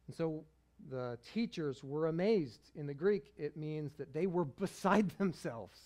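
A man's voice: a little high, expressive, a little slow, darkish tone. Chuckling conversational male pastor. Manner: conversational, chuckles while he preaches. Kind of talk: sermon.

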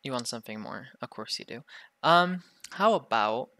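A young man with a sore throat from illness voices a bratty, foul-mouthed ASMR role-play, teasing and bargaining as he talks. His tone is bright and forceful. The sound is close and dry, with no room echo. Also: medium pitch, animated, normal speed. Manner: bratty, teasing, heavy swearing.

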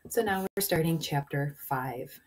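A woman reading a children's book aloud, shifting into hushed whispers at tense moments. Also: low voice, measured pace, a little hiss or hum. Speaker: reader.

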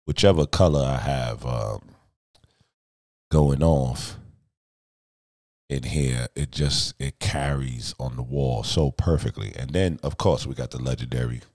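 Gravelly, very deep-voiced joking man. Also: a little slow, a little mellow, dry recording, clean studio sound. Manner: boastful, joking, profane, loose and rambling. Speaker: streamer and music video director. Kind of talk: casual live-stream chat. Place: his own home studio.

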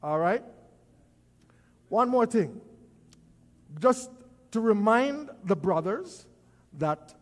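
A man giving church announcements, slow and repetitive, dropping in praise phrases and repeating key dates for emphasis. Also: high-pitched, very animated. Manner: frequent praise interjections. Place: church sanctuary. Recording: reverberant church hall.

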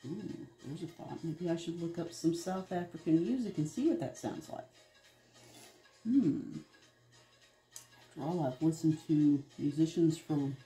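Man, art video host, casual rambling chat, dark mellow tone, faint music underneath. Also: fairly high pitch. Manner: rambling, chatty, wanders between topics. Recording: roomy echo, faint music behind.

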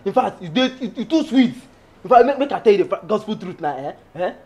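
An actor with a Nigerian Pidgin accent playing a comic young houseboy, greedy and lovestruck, who rambles and pleads theatrically. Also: male voice, sits high, expressive, fast, mellow, husky, heavily acted. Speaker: actor playing a lovestruck, food-obsessed houseman named Friday. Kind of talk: Nollywood film acting.

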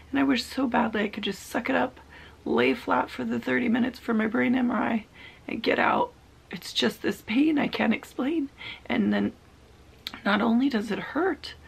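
Very gravelly, husky woman confiding softly. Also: a little high. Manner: soft, halting, often half-whispered; emotional, confiding. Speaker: vlogger. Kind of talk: personal video diary.

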